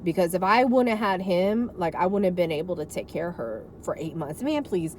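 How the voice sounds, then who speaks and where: Speaking from inside a car, a woman shares her caregiving story as a vlogger, frank and emotional, rambling off into asides in an unscripted talk. Her voice is on the low side and darkish, with lively intonation and a fairly quick pace. There is slight background noise.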